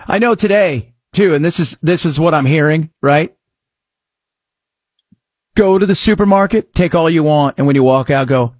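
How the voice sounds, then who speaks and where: A middle-aged man hosting a talk show, speaking sarcastically and breaking into mock shouts. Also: on the high side, expressive, measured pace, long pauses, no room sound, clean studio sound. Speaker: radio talk show host. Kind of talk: sarcastic political talk commentary.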